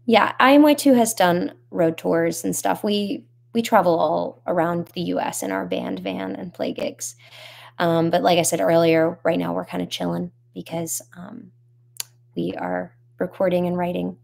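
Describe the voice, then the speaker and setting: A woman's voice: fairly low pitch, moderate pace, creaky, a little mellow. A young woman singer casually chatting on a live stream, answering fans' comments with lots of ums and giggles. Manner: giggly, rambling, with many ums. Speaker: singer in a band, hosting a live chat. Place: home in Nashville.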